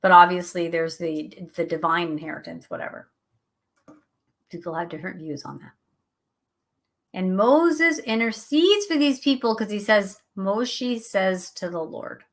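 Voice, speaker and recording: A middle-aged woman hosting a show, teaching a Bible study in a conversational, animated way and laughing at herself now and then. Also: on the low side, measured pace. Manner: animated, chatty, acts out quotes, laughs at herself.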